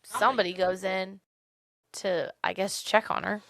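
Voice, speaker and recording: A young woman talking through a novel's plot with her co-host in an easy, chatty way. She has a slightly gravelly voice and keeps dropping in fillers as she goes. The sound is close and dry, with no room around her. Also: mid-range voice, measured pace, no echo. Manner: chatty, animated retelling with many "like"s. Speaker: podcast co-host. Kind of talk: casual book discussion.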